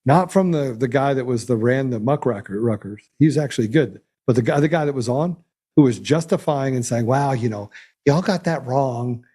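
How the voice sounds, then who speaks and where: A man's voice: medium pitch, fairly quick, warm tone, breathy edge. A man hosting a podcast, commenting in a blunt, heated, sarcastic way. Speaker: podcast host. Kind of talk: casual commentary.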